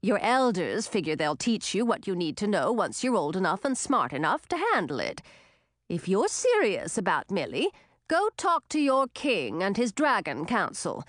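Lady doing a bossy old witch lady, lively and blunt, kinda scolding. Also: mid-range voice, normal speed, no room sound, clean studio sound. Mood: lecturing. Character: blunt old woman witch, gruff but kind.

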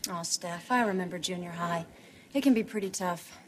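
An actress playing a kind, chatty aunt who makes fun of herself. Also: female voice, lowish voice, moderate pace, a little mellow, slight background noise, natural voice.

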